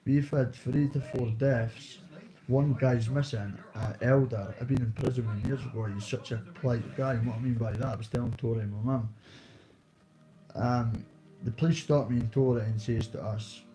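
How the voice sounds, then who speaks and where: A man's voice: mid-range voice, fairly even intonation, moderate pace, crowd noise, low-quality recording. A man in his thirties with a Dundee Scottish accent, rambling through casual street stories in slang with swearing. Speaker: vlogger.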